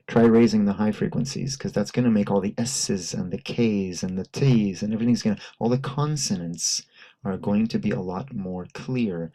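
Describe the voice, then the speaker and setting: A man with a lowish, mellow voice teaches a hands-on workshop. He explains patiently and demonstrates sounds aloud, all heard through a microphone and PA speakers. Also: rough recording. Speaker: workshop instructor. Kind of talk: live demonstration lesson. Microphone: handheld mic through a PA system.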